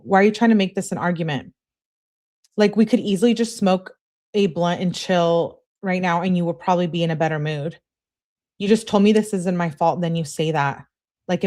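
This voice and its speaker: Lower-voiced woman reading texts aloud. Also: darkish tone. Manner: casual, narrates who says what before each message. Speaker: livestream host. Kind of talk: reading text messages aloud with commentary.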